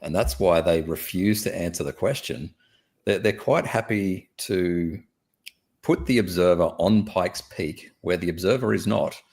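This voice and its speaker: Deep-voiced Australian man explaining calmly. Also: unhurried, gravelly. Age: adult with a daughter. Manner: plainspoken, explains angles step by step with fillers. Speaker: guest on live online chat. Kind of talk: casual debate chat.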